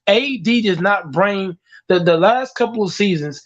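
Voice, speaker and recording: Emphatic high-voiced man ranting. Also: animated, measured pace, dull audio. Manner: emphatic, profane, repetitive. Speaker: sports show guest. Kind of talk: heated sports opinion talk.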